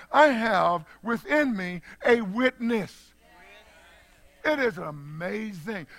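An older man preaching a sermon as pastor, folksy and repetitive, chuckling as he goes, dropping to hushed asides and rising to shouted exclamations. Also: sits high. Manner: folksy, repeats phrases, chuckles.

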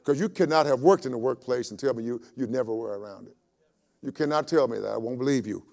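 A man's voice: medium pitch, quick pace, vocal fry, darkish tone. A man preaching a sermon as a pastor, folksy and repeating phrases for emphasis.

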